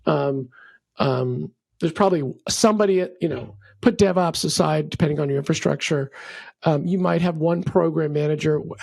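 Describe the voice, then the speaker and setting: A middle-aged man talking as an interview guest, explaining his views in a lively, opinionated way and slipping into a rant. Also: fairly high pitch, moderate pace, gravelly, no room sound. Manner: animated storyteller, acts out quotes, ranty. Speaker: venture capital partner, guest.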